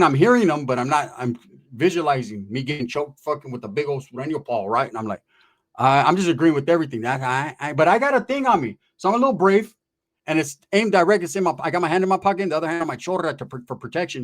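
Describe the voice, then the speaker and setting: A man's voice: a little high, fast. A man casually telling a street story in slangy talk, acting out what others said. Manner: animated, slangy, acts out quotes of others.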